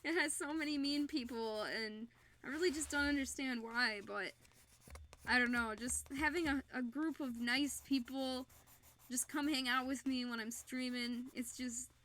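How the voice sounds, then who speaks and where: Young michigan gal chatting on her craft stream, giggly and chatty, high voice. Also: measured pace, bright, forceful tone. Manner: giggly, chatty, laughs often. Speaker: fursuit maker and streamer. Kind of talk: casual live-stream chat while crafting.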